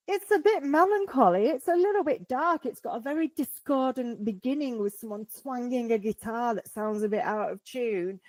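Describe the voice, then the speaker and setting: A woman's voice: mid-range voice, darkish tone, no echo, low-quality recording. Chatty podcast woman, dry close sound. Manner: chatty and self-mocking, laughs often. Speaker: podcast co-host. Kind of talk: casual chat.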